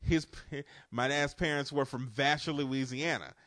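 A man talks casually as a podcast co-host, with plenty of laughs and restarted sentences and a loose, profane way of speaking. His voice sits at an ordinary pitch and is recorded dry and close, with no room sound. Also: unhurried, a bit bright, no room sound. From New Orleans area. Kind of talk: casual chat.

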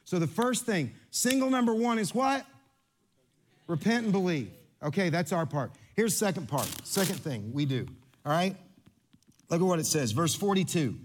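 Male pastor, high-pitched tenor, playful and interactive sermon delivery in a church. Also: normal speed, a little hiss or hum. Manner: lively, interactive, playful with congregation. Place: church sanctuary.

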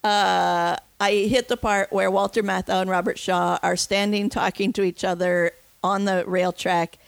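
A woman hosting a film podcast talks in an excited, rambling way, restarting her sentences as she tells her stories. She sits at mid pitch. The recording is close and dry, with no room sound. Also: unhurried, gravelly, no room sound. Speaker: podcast host. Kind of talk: casual film discussion.

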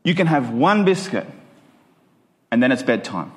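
A man's voice: mid-range voice, very animated, unhurried. An Australian man preaching a sermon in a conversational way, full of rhetorical questions and acted-out examples.

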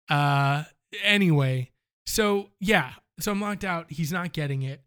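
A man with a voice pitched a little high tells a long story in casual conversation. He is animated and acts out both sides of a phone call as he goes. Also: measured pace, smooth. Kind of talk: casual chat.

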